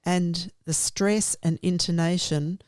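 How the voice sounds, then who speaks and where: A woman's voice: on the low side, steady tone, slow pace, a little mellow, smooth, no echo, studio quality. A woman teacher explaining her classroom methods in a reflective, step-by-step way. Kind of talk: professional conversation about teaching.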